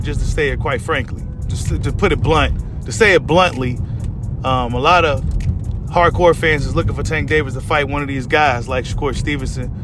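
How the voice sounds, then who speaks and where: A man talks straight to his viewers about boxing in an easy, chatty commentary. His voice sits a little high. He circles back and restates his points, with clear music running under him. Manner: conversational, repeats and rephrases points. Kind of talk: casual commentary to camera. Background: background music.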